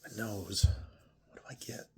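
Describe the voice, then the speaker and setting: A man's voice: measured pace, warm tone, whispered. A man chatting casually as he tastes and reviews a bourbon, thinking aloud between sips. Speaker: whiskey reviewer. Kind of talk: casual tasting chat.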